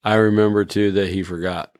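A man's voice: on the low side, little pitch movement, fairly quick, darkish tone, no room sound, studio quality. A man co-hosting a podcast, chiming in with short laid-back remarks in casual chat. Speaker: podcast co-host.

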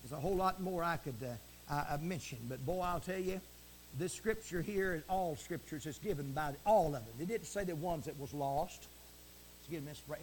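A man preaching a fiery broadcast sermon from the pulpit, swinging from shouts to hushed asides and repeating stock phrases. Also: fairly high pitch, slight background noise. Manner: repeats stock phrases like praise the Lord and it is written.

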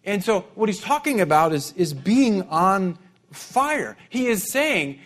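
High-voiced conversational male preacher. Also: very animated, slow pace, fairly bright tone. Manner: conversational, repeats words when restarting. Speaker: pastor. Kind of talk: sermon.

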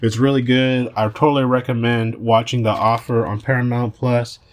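A man's voice: medium pitch, little pitch movement, moderate pace. A man hosting a podcast, talking casually in a brash, boastful and profane way. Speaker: podcast host.

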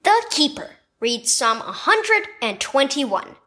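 A woman's voice: on the high side, sing-song, measured pace, fairly bright tone. A woman reading a children's daily devotional story, telling it expressively. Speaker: devotional reader.

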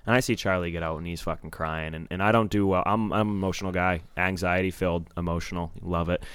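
A man's voice: low-pitched, fairly even intonation, fast, a bit bright, smooth, no room sound. A young man telling a story in casual podcast chat, rambling and swearing freely.

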